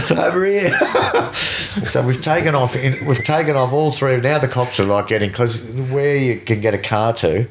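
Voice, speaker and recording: A middle-aged man with an Australian accent tells a story as a guest, animated and swearing freely, acting out the other people's voices. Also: medium pitch, moderate pace, hardly any pauses, slight background noise. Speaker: guest, veteran BASE jumper. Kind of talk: casual storytelling.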